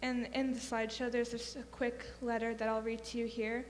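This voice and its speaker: A woman at a memorial with quick, filler-laden asides, reading a letter aloud. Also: on the high side, level tone. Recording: echoey hall with faint hum.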